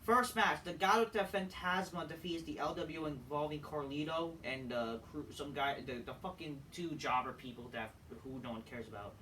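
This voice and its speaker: Bright-voiced man ranting, profane and exasperated. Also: fairly high pitch, normal speed, hardly any pauses. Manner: swings from loud outbursts to flat mutters. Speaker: wrestling show reviewer. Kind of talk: ranting solo show review. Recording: distant mic, faint background noise.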